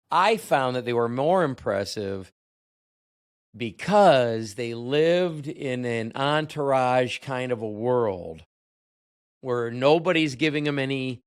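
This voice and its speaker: A middle-aged man hosting an interview, reflecting in a rambling, conversational way. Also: medium pitch. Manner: reflective, rambling, with many restarts. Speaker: podcast host.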